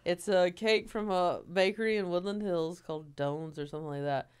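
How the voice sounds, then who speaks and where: A woman co-hosting a podcast in casual chat, telling stories in an animated way and laughing often. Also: on the low side, moderate pace, clear, resonant tone. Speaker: podcast co-host.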